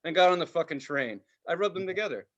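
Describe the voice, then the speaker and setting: A man co-hosting a podcast in casual chat, telling profane, animated stories and mimicking voices. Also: on the high side, fast talker, dull audio, a little hiss or hum. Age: adult with a child. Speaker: podcast co-host.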